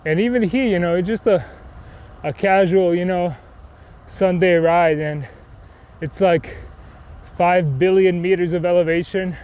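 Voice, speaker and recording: A man's voice: high-pitched, measured pace, long pauses, clean tone, highs cut off. A man chatting casually while riding a bike outdoors, rambling and self-deprecating, with many fillers. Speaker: cycling vlogger. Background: wind and faint traffic.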